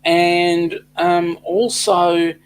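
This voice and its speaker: A man's voice: high voice, little pitch movement, very slow, slight background noise. A middle-aged Australian man co-hosting a casual livestream chat, reading out viewer comments with a joking manner. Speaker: co-host of a cruise chat livestream.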